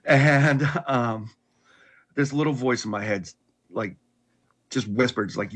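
A man's voice: mid-range voice, moderate pace, fairly bright tone, husky. A middle-aged man candidly telling a personal story in casual conversation, with restarts and wry laughs.

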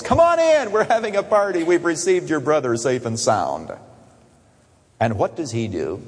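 A man preaching a sermon with animated delivery, swinging from soaring emphasis to hushed, low asides. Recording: long echo of a large hall.

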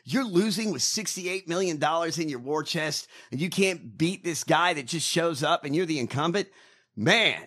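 A man's voice: on the high side, expressive, moderate pace, fairly bright tone. Profane, mocking man ranting. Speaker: podcast co-host. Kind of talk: casual political banter.

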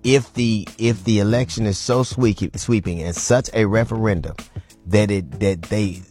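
Playful low-voiced male radio host. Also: a little slow, soft background music. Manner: animated and joking, lots of restarts. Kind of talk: casual talk-radio banter.

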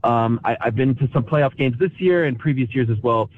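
A man's voice: medium pitch, fairly quick, a little hiss or hum. A man in his forties from Canada, calling in to a show and talking with emotion, full of restarts. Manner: emotional, restless, many restarts. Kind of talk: casual chat. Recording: tinny phone line.

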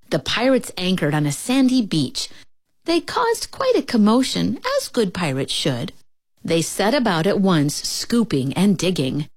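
A woman reading a children's pirate story aloud, playful and expressive, switching voices for the characters. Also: slightly rough, dry recording, clean studio sound. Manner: playful, slow and expressive, shifting pitch for characters. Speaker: storybook reader.

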